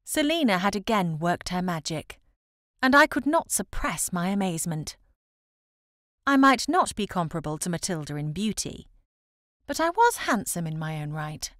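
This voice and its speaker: A woman narrating a novel in the first person as an audiobook, with expressive, measured storytelling. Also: medium pitch, no echo, clean studio sound.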